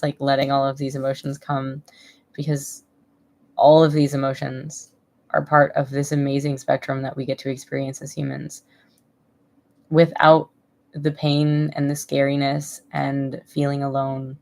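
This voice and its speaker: A woman's voice: very deep voice, vocal fry, darkish tone. A woman in her thirties chatting casually on a live stream from home, rambling and emotional, laughing often. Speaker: vlogger.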